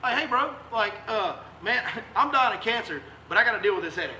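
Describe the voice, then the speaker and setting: A man's voice: sits high, lively intonation, brisk, sharp tone, slight background noise. A man, a fishing guide hosting a live stream, delivering a fiery, emphatic rant full of repeated rhetorical questions. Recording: echoey room sound.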